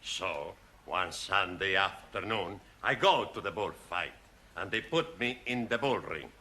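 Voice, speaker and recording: A cocky Spanish student joker. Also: male voice, deep voice, expressive, a little slow, sharp tone, a little hiss or hum, full character voice. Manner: broken English, cocky joke-telling, laughing at own jokes. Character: boastful Spanish male student comedian. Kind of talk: 1970s studio sitcom acting.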